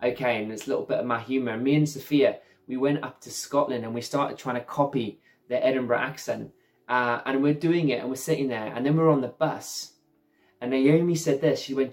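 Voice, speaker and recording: A man's voice: fairly high pitch, brisk. A middle-aged man preaching an earnest, conversational sermon as a pastor, often saying "you know".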